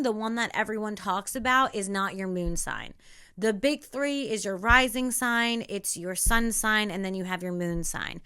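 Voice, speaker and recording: Bright-voiced woman hosting a spiritual podcast. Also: medium pitch, clean tone. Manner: animated, swears casually, chant-like call-outs to listeners. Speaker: podcast host. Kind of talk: spiritual self-help podcast talk.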